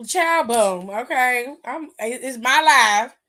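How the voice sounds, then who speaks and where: Sassy high-voiced woman host. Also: slow. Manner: blunt, sassy, profane, animated. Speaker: wrestling aftershow host. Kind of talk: casual opinionated recap.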